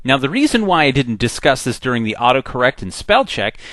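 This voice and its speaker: A man teaching a software tutorial in a conversational, step-by-step way. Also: mid-range voice, sing-song, brisk, no room sound. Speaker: software instructor. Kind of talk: screen-recorded tutorial.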